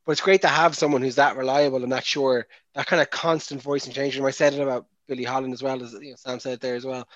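An Irish man co-hosting a casual sports podcast, halting and full of fillers. He speaks at a middle pitch through a dull, lo-fi mic. The sound is dry and close. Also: steady tone, fairly bright tone, dry recording. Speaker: podcast co-host.

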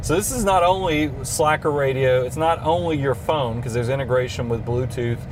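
A man's voice: medium pitch, normal speed, background noise. A middle-aged man with a Southern US accent, talking through features in casual, enthusiastic car review chat, recorded inside a car. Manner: enthusiastic, explanatory. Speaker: podcast co-host.

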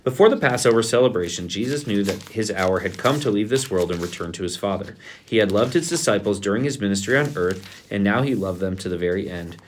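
Low-voiced man reading scripture aloud. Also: expressive, brisk, few pauses, slight background noise. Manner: reads quoted speech with big rises in pitch and force. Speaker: podcast co-host.

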